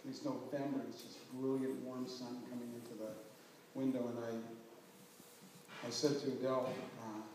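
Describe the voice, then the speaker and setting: Halting middle-aged man in an echoey room. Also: mid-range voice, darkish tone. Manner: halting, earnest, often breaking off mid-sentence. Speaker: bereaved father telling his story. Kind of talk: personal storytelling to a small group. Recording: very echoey room, voice from far off, faint hiss.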